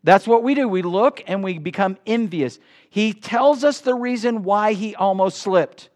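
A middle-aged male pastor preaching a sermon in a church, swinging between loud bursts and hushed asides. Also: high-pitched, unhurried. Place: church sanctuary.

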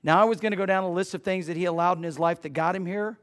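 Speaking very fast in a steady tone, a middle-aged male pastor preaches with a slightly raised pitch. His sermon opens with a quiet, gentle story, then builds as he presses his points harder.

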